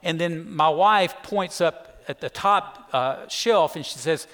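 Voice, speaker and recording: A man's voice: a little high, slow pace, fairly bright tone. A middle-aged man, preaching a sermon as pastor and telling a personal story with emphatic energy. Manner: emphatic storyteller, keeps saying "listen". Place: church sanctuary. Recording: echoey church hall.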